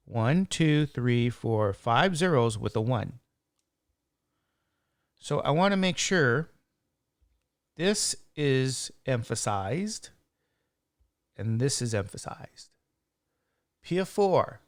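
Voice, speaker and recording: Slow gravelly male math lecturer. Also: mid-range voice, no echo, studio quality. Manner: counts digits aloud step by step. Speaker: statistics instructor. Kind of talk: classroom lecture.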